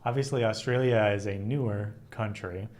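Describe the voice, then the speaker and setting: A man's voice: on the low side, fairly even intonation, normal speed, a little mellow, slight background noise. An American man co-hosting a reaction video, chatting casually and musing with curiosity. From United States.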